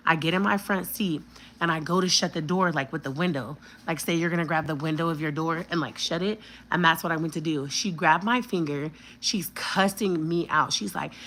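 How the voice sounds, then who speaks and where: A woman's voice: low voice, fairly quick, fairly bright tone, slight background noise, low-quality recording. A woman in her thirties telling a personal story on a vlog, blunt and emphatic with plenty of cursing.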